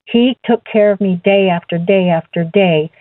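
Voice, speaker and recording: A woman giving an earnest personal faith testimony as an interview guest, halting and repeating words as she goes. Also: mid-range voice, dry recording. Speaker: guest sharing her testimony. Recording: tinny phone line, dry.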